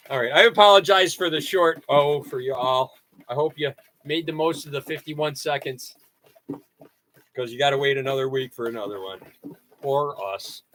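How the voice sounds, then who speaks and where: A man hosting a casual art livestream, rambling and goofy, poking fun at himself and jumping into high excited yelps and laughter. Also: moderate pace, long pauses, slight background noise. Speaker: livestream host.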